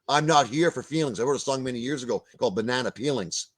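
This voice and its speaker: A man's voice: mid-range voice, quick pace, slightly rough. An older man, ranting bluntly as a guest in a video-call discussion, swearing and stumbling over repeated words. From Canada.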